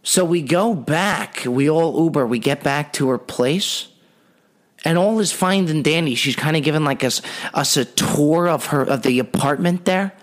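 A podcast host spins a comic story about himself. He rambles and is wry, in a voice pitched a bit higher than most men's. The delivery is loose and animated. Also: moderate pace. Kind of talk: comedic storytelling monologue.

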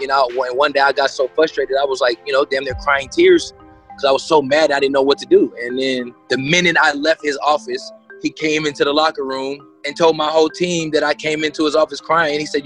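A former basketball player in a candid interview, talking frankly with profanity and many fillers. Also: male voice, on the high side, fairly even intonation, brisk, fairly bright tone, soft background music.

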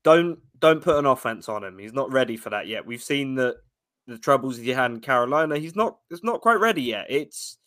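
A man's voice: medium pitch, animated, a little fast, a bit bright. A brash, profane man in casual sports talk, calling everyone "bro" as a co-host.

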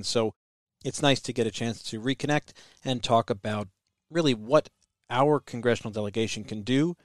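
Guy hosting a podcast, lowish voice, dry close mic, calm intro read. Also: dry recording. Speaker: podcast host. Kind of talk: scripted episode introduction.

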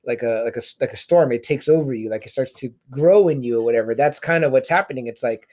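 A man co-hosting a casual podcast chat, animated and profane, acting out quotes with big jumps in his voice. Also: mid-range voice, fast. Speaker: podcast co-host.

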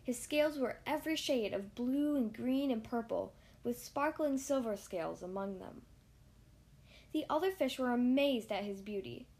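A woman with a high, bright-pitched voice reads a children's picture book aloud for her podcast. Her reading is lively and expressive. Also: moderate pace. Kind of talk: storybook read-aloud.

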